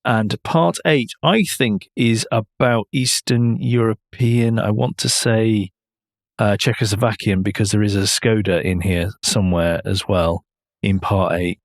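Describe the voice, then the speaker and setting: Male podcast co-host, casual and rambling, lowish voice, dry close sound. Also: steady tone, unhurried, no echo. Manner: chatty, rambling, laughs often. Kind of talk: casual chat.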